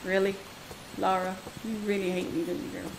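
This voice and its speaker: A woman's voice: mid-range voice, flat delivery, moderate pace, creaky, poor audio. A woman streaming a video game, chatting casually, talking to the game and its creatures and laughing often. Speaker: gaming streamer. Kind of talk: casual let's-play commentary. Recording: audible background noise.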